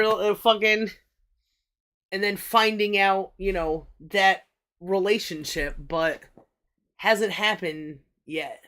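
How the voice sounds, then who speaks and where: A woman of medium pitch, with a slightly bright tone and slow delivery, hosts a livestream. Her chat is loose and rambling, full of swearing and restarted sentences.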